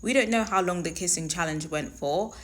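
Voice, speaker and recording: A woman speaks in a slightly low voice, hosting her own commentary show. She talks in a conversational, emphatic and opinionated way, pressing her points home. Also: a little fast. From London. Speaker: show host. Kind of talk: reality TV commentary.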